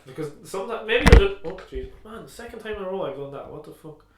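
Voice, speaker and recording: A man's voice: high voice, lively intonation, fast. A man co-hosting a podcast in casual chat, talking loosely and swearing now and then. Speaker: podcast co-host. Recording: echoey room, faint noise.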